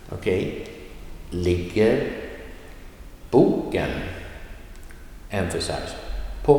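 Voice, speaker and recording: A man teaching a language lesson, explaining slowly with many fillers and repeating example phrases aloud. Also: low-pitched, lively intonation, mellow, a little hiss or hum. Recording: echoey room with long reverb.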